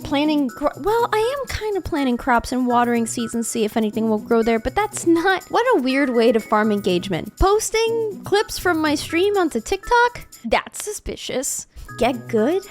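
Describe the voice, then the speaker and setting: A young woman streamer talking in a casual, jokey vlog style, her voice jumping up when she gets excited. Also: high-pitched, moderate pace, soft background music. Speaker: streamer and content creator.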